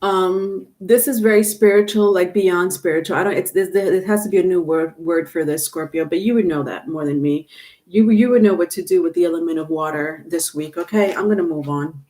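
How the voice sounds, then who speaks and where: A woman's voice: lowish voice, fairly quick, warm tone. A woman hosting a live tarot reading, chatty and repetitive, often laughing while greeting viewers. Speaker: tarot reader. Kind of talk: live-stream reading and chat.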